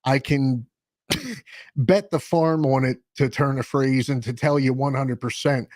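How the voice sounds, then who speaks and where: Here a guest musician and podcast host from Maryland chats in a relaxed interview, wandering through his points with many restarts and self-corrections. His voice sits in the mid-range, steady and somewhat dark, at a measured pace with no room sound.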